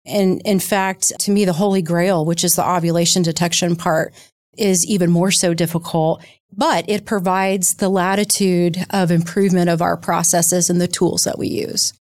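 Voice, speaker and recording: A woman, a startup founder, answering questions in an interview in a lively, explanatory, conversational way. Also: fairly low pitch, normal speed, no room sound, clean studio sound. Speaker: guest, startup co-founder and CEO.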